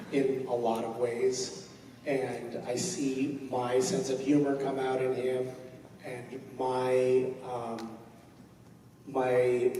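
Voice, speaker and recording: Recorded from a distance in a large, echoey convention hall with slight hiss or hum, a man in his forties with a medium-pitched, darkish voice fields a fan's question on stage. His comedic answer rambles, full of self-mockery and filler words.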